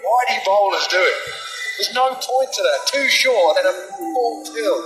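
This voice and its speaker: A man giving live cricket commentary, calmly analysing the bowling and batting. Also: high voice, echoey room, poor audio. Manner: analytical, measured.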